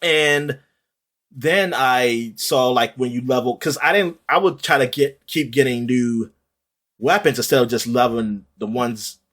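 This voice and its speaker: A man co-hosting a podcast in casual chat, retelling things in a rambling, animated way with lots of fillers and the odd swear word. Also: medium pitch, a little slow. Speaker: podcast co-host.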